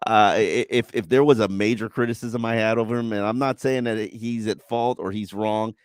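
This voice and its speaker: A middle-aged man hosting sports radio, talking bluntly in casual banter and sometimes turning animated. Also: lowish voice, a little fast, smooth, no room sound, clean studio sound. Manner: blunt, animated when mimicking others. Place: radio studio. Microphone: studio microphone.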